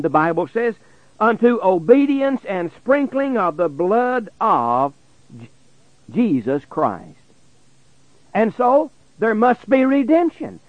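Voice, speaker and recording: A man preaches in a slow, deliberate cadence with a high voice that swoops widely between lifts and deep drops at the ends of phrases. The sound is dry and close, with the dull, muffled tone of an old radio broadcast. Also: dry recording. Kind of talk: radio Bible sermon.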